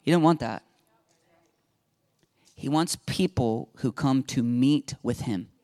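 A man's voice: medium pitch, slow, a little mellow. A middle-aged man preaching a sermon as pastor, acting out Bible dialogue with rising intensity.

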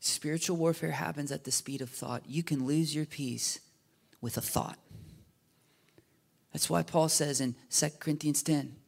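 A man preaching a sermon in a casual, animated way, often checking in with his listeners with "right?" and "you know?". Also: on the high side, moderate pace, gravelly. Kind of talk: conversational sermon.

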